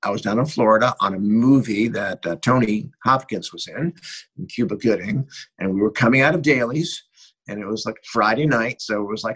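A middle-aged man, a cinematographer, telling rambling and animated anecdotes in an interview, often restarting his sentences. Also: lowish voice, brisk, slightly rough, poor audio. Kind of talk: interview storytelling.

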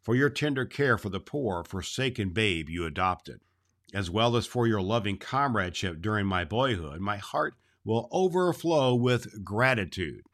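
A man's voice: fairly low pitch, animated, moderate pace, fairly bright tone. A man voicing an earnest young man who solemnly takes leave of his forest home. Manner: solemn, formal speech.

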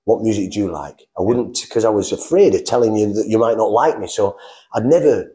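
A middle-aged man from England telling his life story in a casual, animated way, acting out the voices he quotes. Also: lowish voice, fairly quick. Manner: animated, acts out quoted voices, frequent restarts. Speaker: guest telling his testimony.

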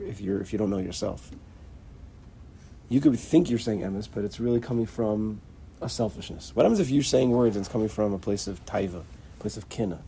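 A man with a very husky, gravelly voice gives an informal religious lesson. His tone is dark and mellow, and his pitch rises and falls a lot. He stumbles and repeats words, then acts out small exchanges as he teaches. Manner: halting, repeats words, acts out little dialogues. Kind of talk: informal Torah lecture.

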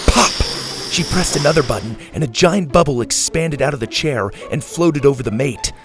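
A man narrating a children's storybook in an animated, expressive reading. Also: medium pitch.

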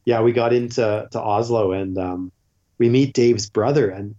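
A man's voice: on the low side, normal speed, warm tone, dull audio. A man guest telling a long story in a casual, rambling way, full of fillers. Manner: rambling, filler-heavy with frequent "like".

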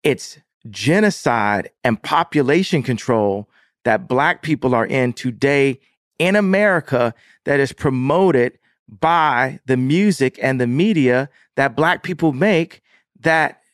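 A man's voice: medium pitch, animated, slow, no room sound. Man in a heated interview, keeps pushing his point, dry close sound. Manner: insistent, repeats himself. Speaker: interview guest.

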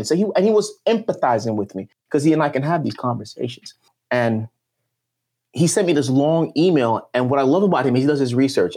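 Here a male podcast guest shares a personal story, passionate and emphatic, his intonation swinging as he goes. He has a mid-range, slightly mellow voice.

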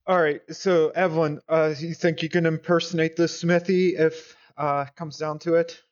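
A man playing a tabletop game, speaking hesitantly with many pauses and ums. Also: on the high side, flat delivery, muffled recording. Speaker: player. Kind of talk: casual tabletop play.

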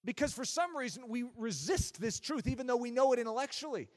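A man preaching a sermon in an emphatic, animated way, often dropping low to voice God's replies. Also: quick pace, big-room sound.

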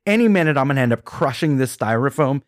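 A man co-hosting a podcast, telling a rambling, animated story with lots of restarts and quoted asides. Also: medium pitch, fast talker, no room sound, clean studio sound. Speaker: podcast co-host. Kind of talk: casual chat, storytelling.

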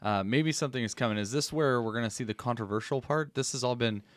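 A man co-hosting a religious talk show, answering thoughtfully with ums and pauses. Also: medium pitch, dry recording, clean studio sound. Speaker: co-host. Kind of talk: casual discussion.

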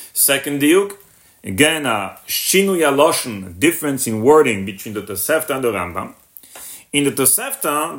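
A man leading a Torah class in English, weaving Hebrew and Yiddish terms in and glossing them as he goes. His voice climbs high when he puts the questions to the class, then settles back down. He talks at a mid-range pitch. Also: fairly bright tone. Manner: rises sharply in pitch when voicing the questions; restarts and repeats words while explaining. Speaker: rabbi teaching a class. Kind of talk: Torah lesson on a text.

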